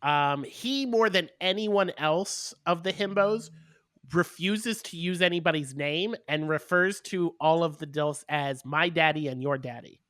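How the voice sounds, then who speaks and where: Bright, slightly high male podcast host, dry sound. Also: unhurried, clear, resonant tone, dry recording. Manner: recapping with many ums and uhs. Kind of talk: casual chat.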